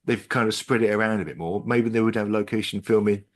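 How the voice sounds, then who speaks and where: Man, very deep voice, podcast co-host, easygoing, knowledgeable. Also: quick pace. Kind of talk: casual chat.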